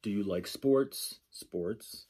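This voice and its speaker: A man's voice: lowish voice, drawn-out words, darkish tone, breathy edge. A man giving a lecture, working through a textbook page by page, thinking aloud and repeating example phrases. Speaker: sign language instructor.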